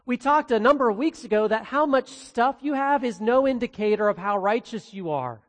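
A pastor with a high, light male voice delivers an expository sermon. He speaks earnestly, breaking into casual asides now and then. His words ring out with a long reverb, as in a church hall. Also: lively intonation, normal speed.

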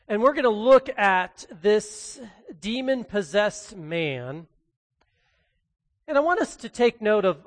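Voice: mid-range voice, long reverb tail. A pastor giving a sermon and reading scripture, earnest and conversational, leaning hard on key phrases.

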